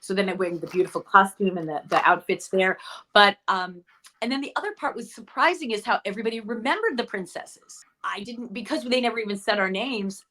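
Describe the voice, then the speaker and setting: A middle-aged actress guest telling stories in a chatty interview, often correcting herself mid-sentence. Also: female voice, mid-range voice, fairly quick, bright, forceful tone. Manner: chatty, storytelling, self-correcting. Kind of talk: casual interview chat.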